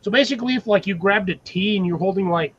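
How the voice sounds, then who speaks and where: A man chatting casually on a live stream, rambling and animated, swearing freely. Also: high voice, quick pace, a little hiss or hum. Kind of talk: casual chat. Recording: dull lo-fi mic.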